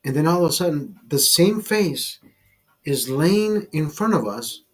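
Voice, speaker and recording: A man's voice: on the high side, sing-song, a little slow. A man hosting a casual drinking livestream, telling a rambling, profane bar story to his viewers. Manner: profane, rambling anecdote teller. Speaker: livestream host.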